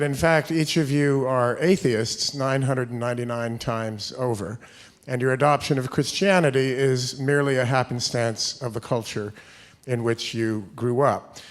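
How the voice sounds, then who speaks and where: A man from the audience asking the panel a formal question, deliberate and carefully worded. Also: medium pitch. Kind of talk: reading a question at a microphone.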